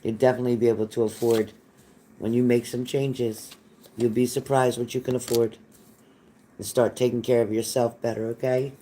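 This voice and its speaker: A man's voice: mid-range voice, level tone, moderate pace, dark tone, slight background noise. Folksy man doing live psychic readings. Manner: reassuring, folksy, repeats phrases, calls viewers honey. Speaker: psychic reader. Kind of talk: live-stream reading chat.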